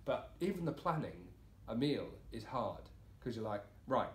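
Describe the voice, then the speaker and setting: A man's voice: mid-range voice, big pitch swings, a little slow. A man in his twenties co-hosting a podcast, joking around playfully in casual banter. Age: 20s. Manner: playful, jumps into silly bits and banter. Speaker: podcast co-host. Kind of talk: casual comedic chat. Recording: roomy echo with faint noise.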